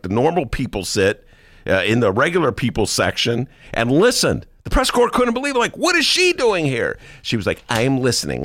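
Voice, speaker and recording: A man hosting a talk radio show, giving lively, mocking political commentary and laughing often. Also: mid-range voice, no room sound.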